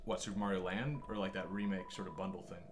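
A man's voice: low-pitched, flat delivery, fast, faint music behind. A man hosting a game stream, teasing his guest and swearing casually while he plays. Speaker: channel host. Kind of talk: casual let's-play banter.

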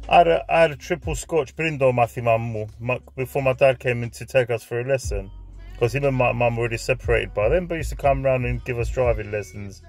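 A man in his forties spins a loose personal anecdote, with a medium-pitched voice. He swears freely and slips Greek phrases into his English. His delivery is chatty and unscripted. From north London. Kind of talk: anecdotal storytelling.

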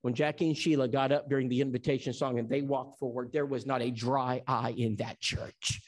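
A man's voice: medium pitch, fairly even intonation, fairly quick. A man from Tennessee who teaches an evangelism seminar. He preaches in an emphatic storytelling style and acts out the dialogue. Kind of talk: sermon.

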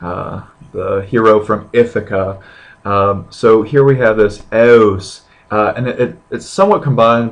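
A man's voice: on the low side, steady tone, creaky. Man lecturing with lots of hesitations. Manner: hesitant, full of restarts and drawn-out example sounds. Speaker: language teacher. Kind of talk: casual classroom lecture.

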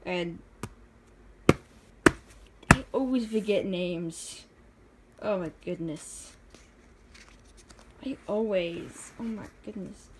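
A young woman with a medium-pitched voice shows off her own drawings in a casual, rambling chat, talking extremely slowly with long pauses. She giggles often and is self-deprecating, poking fun at herself. The background is noisy.

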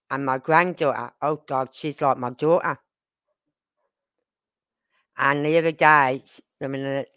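A woman's voice: low voice, fairly bright tone, dry recording. An older woman hosting a casual live stream, rambling through family stories with frequent asides and questions to her viewers. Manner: rambling, talks straight to viewers with tag questions. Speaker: livestream host.

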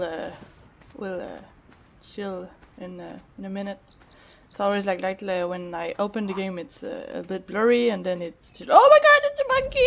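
A woman who is not a native English speaker, giving excitable let's-play commentary that swings into squeals and swearing. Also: mid-range voice, gravelly, muffled recording. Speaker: gaming YouTuber.

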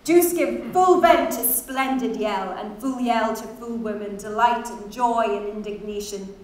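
A woman's voice: a little high, unhurried, a little mellow. A woman giving a dramatic, rhythmic literary reading on stage. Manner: musical, rhythmic, playing with sounds. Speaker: stage reader. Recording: very echoey hall, distant mic.

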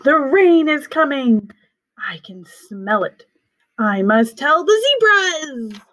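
A woman voicing a quiet, wise female porcupine in a storybook, speaking in a hush. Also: high-pitched, big pitch swings, slow, full character voice. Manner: hushed, whispery.

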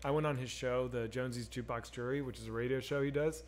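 At a quick pace and medium pitch, with fairly even intonation, a man reads his chat during a gaming live stream. His talk with viewers is casual, profane, rambling, and candid.

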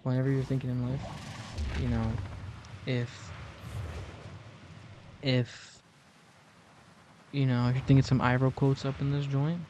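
A man's voice: mid-range voice, flat delivery, measured pace, pauses often, warm tone, slight background noise. A young man giving jokey, rambling commentary over a game he is playing. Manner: rambling, jokey, self-mocking. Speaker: gaming video host. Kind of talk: casual gameplay commentary.

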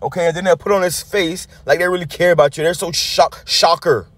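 This street preacher has a fairly high, fairly bright voice with fairly even intonation and a brisk pace, recorded without echo. He offers heated, profane, blunt commentary on a news clip like an angry sermon, full of restarts and a recurring tag word.

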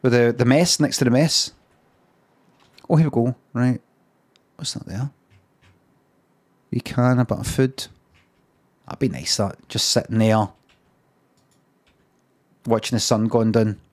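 A man's voice: mid-range voice, fairly even intonation, measured pace, long pauses, a little mellow. A Scottish man streaming, making dry, mumbling asides as he browses photos. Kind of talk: casual commentary while browsing photos.

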